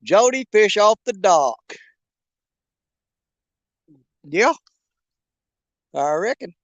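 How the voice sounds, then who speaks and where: A man's voice: high-pitched, very animated, very slow, no echo, lo-fi sound. A man hosting a fishing livestream from a riverbank outdoors, chatting casually in a folksy, joking, rambling way. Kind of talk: casual live chat while bank fishing.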